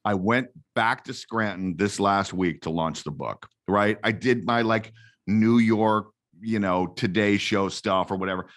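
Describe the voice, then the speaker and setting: A man talking as a guest on an interview show, telling stories in a lively, self-correcting way. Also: measured pace. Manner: animated storyteller, self-correcting, jumps to a high voice. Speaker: guest actor promoting a book. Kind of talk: casual interview chat.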